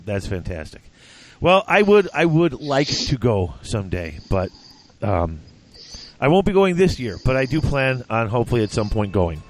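A man's voice: medium pitch, sing-song, moderate pace, slight background noise. A man hosting a hobby gaming podcast, joking and teasing his co-host in casual chat.

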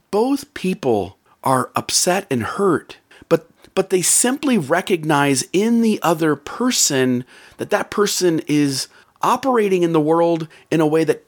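A man giving an earnest motivational talk about relationships, repeating phrases for emphasis. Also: a little high.

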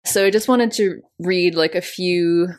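A woman's voice: fairly low pitch, measured pace. A woman co-hosting a podcast, chatting casually about a book and reading passages aloud, with many "like"s. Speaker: podcast co-host.

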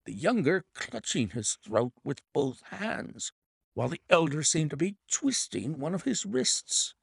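A man narrating a detective mystery audiobook with dramatic, expressive storytelling. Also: on the high side, measured pace, vocal fry, slightly rough, dry recording, studio quality. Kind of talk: scripted narration.

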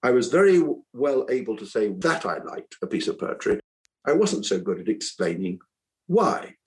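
A man's voice: medium pitch, sing-song, moderate pace, a little mellow, slight background noise, low-quality recording. An older man, an author who once taught school, talks reflectively in an interview, earnest and rambling, often restarting his sentences. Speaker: author and former teacher.

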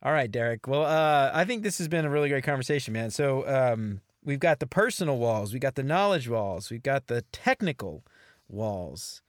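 A man's voice: medium pitch, expressive, moderate pace, no room sound, clean studio sound. A man co-hosting a casual podcast, talking in a laid-back, playful, chatty way. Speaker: podcast co-host.

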